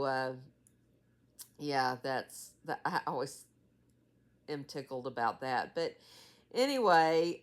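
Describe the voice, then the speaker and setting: A woman in her sixties giving a rambling, tired casual vlog update as her mother's caregiver. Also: sits low. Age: 60s. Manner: rambling, many fillers and trailing asides. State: tired, yawning.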